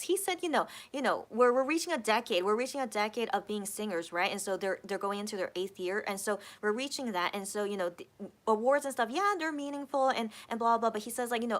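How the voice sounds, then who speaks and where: A woman's voice: on the high side, brisk. An American woman hosting a casual live chat, reading out viewer comments and rambling on with lots of repeated words. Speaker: livestream host.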